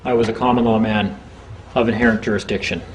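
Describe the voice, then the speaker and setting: A man's voice: on the low side, fairly even intonation, a little hiss or hum, low-quality recording. Chatty man explaining in a seminar. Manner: chatty, acts out courtroom exchanges in quick quoted voices. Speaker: seminar speaker. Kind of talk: informal seminar talk to a small group.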